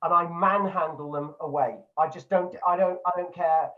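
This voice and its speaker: Animated, swearing man on a lo-fi mic. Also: fairly high pitch, moderate pace, recorded from a distance. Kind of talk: casual podcast chat.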